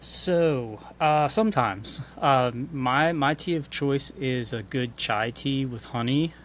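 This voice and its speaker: A man who teaches and sings, talking as a podcast guest in a relaxed, thoughtful way. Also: mid-range voice, takes it slowly, slight background noise. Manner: relaxed, thoughtful, with many fillers. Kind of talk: casual chat.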